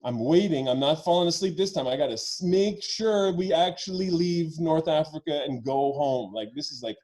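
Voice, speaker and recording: Animated man telling a profane story. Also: on the high side, normal speed, low-quality recording. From Quebec, Canada. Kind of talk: personal storytelling at a story slam. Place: virtual event.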